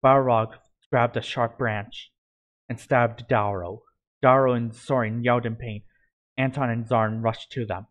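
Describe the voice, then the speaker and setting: A man's voice: medium pitch, steady tone, unhurried, a bit bright. A man reading his own fantasy story aloud, in a plain delivery that often stumbles and restarts.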